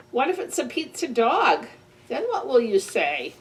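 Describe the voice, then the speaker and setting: A woman's voice: on the high side, wildly swooping pitch, a little slow. A woman librarian reading a picture book aloud to children in a playful way, with animal sound effects. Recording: distant mic with faint ambient noise.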